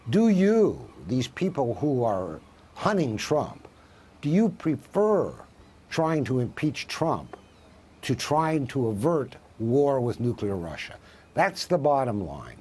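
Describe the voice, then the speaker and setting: A husky-voiced male professor speaks as a news interview guest. His pitch swings widely as he presses his case, posing one rhetorical question after another with emphatic weight. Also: a little mellow.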